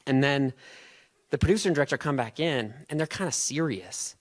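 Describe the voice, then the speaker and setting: A man tells a personal story to a live audience on stage. He keeps it chatty and self-mocking, often laughing at his own tale, in a voice of middling pitch. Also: animated, brisk. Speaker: storyteller and event host.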